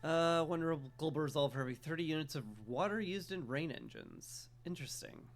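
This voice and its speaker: Man, live game streamer, casual commentary, dry relaxed manner, lots of "uh" fillers, slightly higher voice. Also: brisk, vocal fry. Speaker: streamer playing a strategy game.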